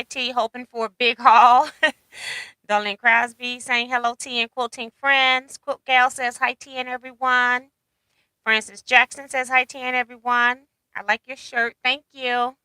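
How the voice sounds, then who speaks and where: A woman's voice: on the high side, pushed and bright, clean tone, no echo, poor audio. A woman hosting a casual livestream, reading out viewer comments and chatting with a laugh. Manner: chatty, laughs often, reads comments aloud. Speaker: livestream host.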